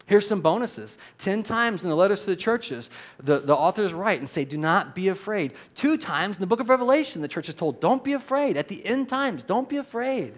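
A man preaching a sermon as pastor, conversational and animated, rising for emphasis and dropping low on quoted lines. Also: a little fast. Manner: conversational, with repeated restarts.

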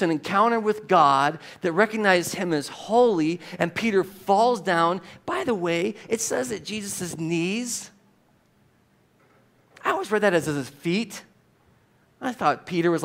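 A man preaching a sermon as a pastor, emphatic and animated, with rhetorical questions to the congregation. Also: high-pitched.

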